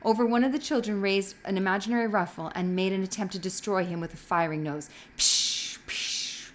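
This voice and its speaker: A woman's voice: mid-range voice, fairly even intonation, fast. A woman reading a novel aloud expressively, with occasional slips that she corrects as she goes. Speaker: reader.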